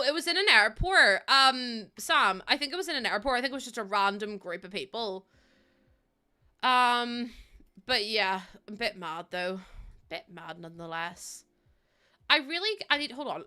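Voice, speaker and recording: A woman's voice: medium pitch, bright, forceful tone, smooth. A young woman with a Northern Irish accent, chatting casually and rambling with lots of ums as she streams a game to her chat. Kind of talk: casual livestream chat while playing.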